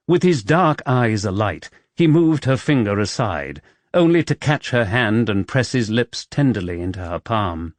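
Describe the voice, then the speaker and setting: A man narrating a romance novel as an audiobook in expressive, measured storytelling, close to a studio microphone. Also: lowish voice, dry recording.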